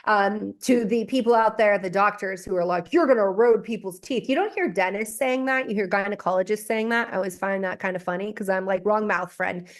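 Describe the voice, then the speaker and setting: A woman in her forties, a hormone expert, speaking in an animated podcast conversation, emphatic and laughing often. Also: medium pitch, a little fast, few pauses. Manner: emphatic, explains with frequent "okay?" asides and laughter.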